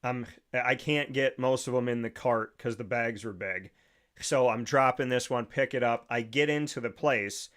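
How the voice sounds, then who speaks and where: A man's voice: medium pitch, normal speed, fairly bright tone. A man hosting a sports talk show, telling a long personal story in a casual, rambling way with many restarts. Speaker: show host.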